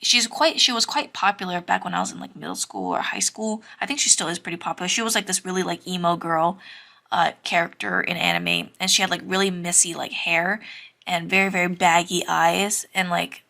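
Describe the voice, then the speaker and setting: A young woman talks through a drawing tutorial in a casual, rambling way, full of fillers and shy little laughs. Her voice sits somewhat low and has a bright tone with noticeable vocal fry. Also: sing-song, fairly quick. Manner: chatty, many fillers, giggly and self-conscious. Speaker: drawing teacher.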